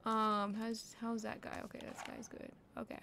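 Brief: woman streamer, high voice, swears a lot, panicky shouting, loud noisy background. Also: completely flat delivery, moderate pace, gravelly. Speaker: gaming streamer. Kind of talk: casual horror game commentary.

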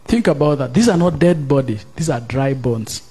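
A man preaching as pastor at a church service, reading scripture aloud, questioning the congregation and rising into loud, drawn-out emphasis. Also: mid-range voice, expressive, breathy edge. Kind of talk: sermon.

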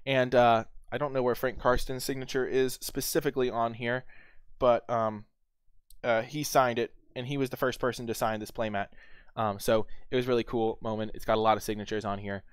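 A young man casually telling a story to camera, rambling with many fillers and restarts as he gets excited. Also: medium pitch, fairly quick, clean tone, dry recording. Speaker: channel host.

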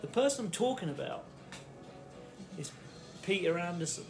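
A middle-aged man with a fairly high voice tells a childhood story, drifting and circling back on himself. He talks casually from his kitchen, with faint music from a radio behind him. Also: very animated, normal speed, vocal fry. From the Fens, England. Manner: rambling, self-interrupting storyteller. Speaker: vlogger. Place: home kitchen.

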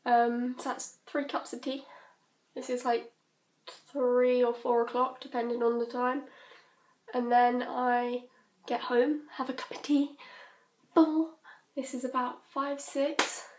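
A woman's voice: a little high, little pitch movement, measured pace. Giggly teen girl with a British accent. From Britain. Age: teens. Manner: giggly, scattered, chatty. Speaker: vlogger. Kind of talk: rambling casual chat. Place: her bedroom at home. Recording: roomy bedroom echo.

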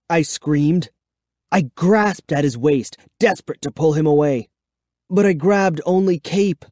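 A man reading a children's horror book aloud, giving expressive, measured first-person storytelling. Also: fairly high pitch, no echo, clean studio sound. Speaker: audiobook reader. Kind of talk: dramatic audiobook narration.

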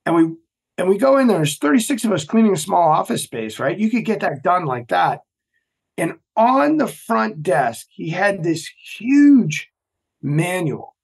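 Male podcast guest, lively storyteller, voice sits a touch high. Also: measured pace, creaky, breathy edge. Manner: animated storyteller, acts out quoted voices. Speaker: podcast guest, former Navy SEAL. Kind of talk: storytelling interview talk.

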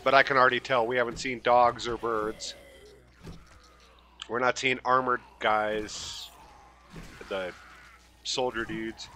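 A man hosting a relaxed gaming session, chatting casually with his co-player. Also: medium pitch, slow, pauses often, slight background noise. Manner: relaxed, talkative. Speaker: host. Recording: light background metal music.

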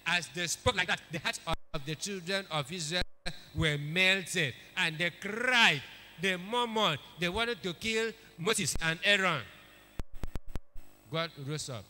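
A man's voice: on the high side, bright, forceful tone. A man preaching a sermon, emphatic, repeating key phrases and calling for amens. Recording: echoey hall with long reverb.

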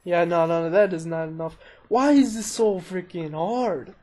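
A man casually commentating his own racing gameplay, excitable and self-mocking, talking to himself as he plays. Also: sits high, normal speed. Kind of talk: casual let's-play commentary. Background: engine noise and crashes from the game.

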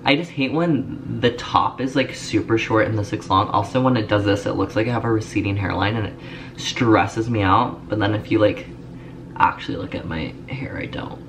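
Speaking at a moderate pace in a voice on the low side, a young vlogger rambles to camera, leaning on lots of fillers. He films in Los Angeles, at home and in his car, with clear ambient noise in the home vlog.

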